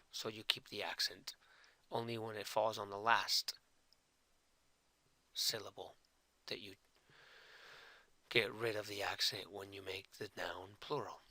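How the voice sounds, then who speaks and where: Slow, bright-voiced male language teacher. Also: fairly low pitch, no room sound. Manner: slow, deliberate, repeats and spells out each example; mixes Spanish words into English explanations. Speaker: Spanish teacher. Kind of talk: explaining Spanish grammar to learners.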